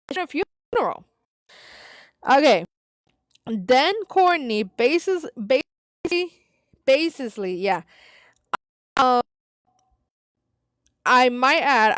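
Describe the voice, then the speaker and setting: With a high, clean voice captured in a dry, clean studio recording, a woman reads a story aloud. She keeps drifting into side comments, restarts often, and now and then lets out a Spanish exclamation.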